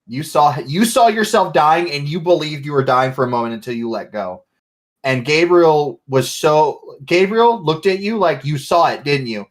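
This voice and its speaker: A man's voice: on the high side, expressive. Laughing male game master narrating. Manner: laughing, swearing, acting out characters in quick quotes.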